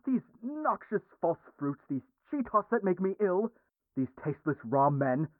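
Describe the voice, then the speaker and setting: Brief: man voicing pompous inhuman creature, lively pitch, over a thin radio line. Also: rapid-fire, no echo, phone-quality sound. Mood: indignant. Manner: pompous, indignant, formal. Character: haughty inhuman male creature, demanding.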